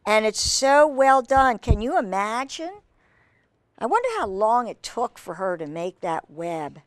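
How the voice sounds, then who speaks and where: A woman reads a picture book to children, her voice rising and falling with lively, sing-song swings. She takes her time, breaking off for friendly asides to her young listeners. The sound is dry and close, with no room around it. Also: fairly high pitch, measured pace, dry recording. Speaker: children's storyteller.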